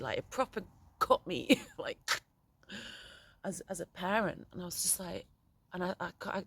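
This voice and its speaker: A middle-aged woman speaking in a candid, reflective monologue, frank and halting, often swearing, with many restarts as a poet and parent. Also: fairly low pitch, lively intonation, gravelly, a bit bright, husky.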